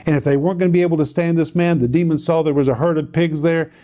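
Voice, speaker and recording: A man's voice: fairly high pitch, fairly even intonation, quick pace, dark tone. A man teaching on a Bible passage to a co-host, telling it in a dramatic, emphatic way with repeated phrases.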